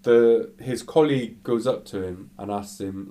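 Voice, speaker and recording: A man casually telling a story, animated and full of fillers. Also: fairly low pitch, normal speed, slight background noise.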